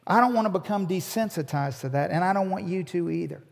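A man's voice: high voice, fast talker, vocal fry. A man preaching a sermon as a pastor, earnest and repeating his words as he builds each point. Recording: long hall reverb.

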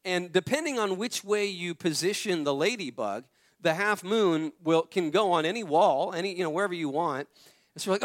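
A man's voice: high-pitched, lively intonation, moderate pace. A man in his thirties preaching a conversational sermon, telling family stories and repeating phrases for emphasis. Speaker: pastor.

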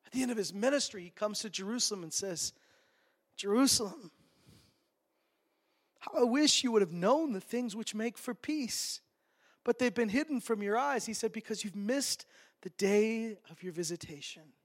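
Male pastor, high voice, lively sermon delivery with comic asides. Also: normal speed. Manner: animated, acts out voices for humor.

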